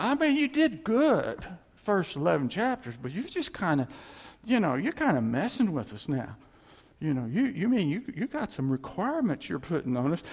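Preacher, male, lively swooping delivery, slightly high voice; long reverb. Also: moderate pace, slightly rough. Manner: animated preaching, conversational asides. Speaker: pastor. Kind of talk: sermon.

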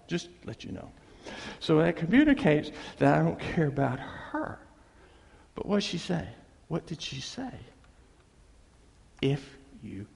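A man telling a funny personal story to a live audience, animated and self-deprecating, dragging out his punchlines. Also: on the high side, gravelly. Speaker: speaker addressing a live audience. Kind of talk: humorous personal storytelling talk. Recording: long reverb of a large hall.

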